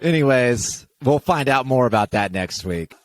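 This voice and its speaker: A man's voice: mid-range voice, animated. An older man hosting a casual music review chat, chatty and offhand. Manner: chatty, offhand, quick asides. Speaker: host.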